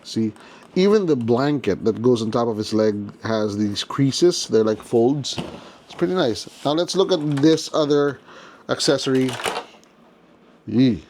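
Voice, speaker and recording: A man in a chatty, joking mood walks through a collectible figure in a relaxed unboxing commentary. His voice sits at an ordinary mid pitch and his delivery stays loose and playful, as if talking to fellow collectors. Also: unhurried, slight background noise. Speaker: toy collector host.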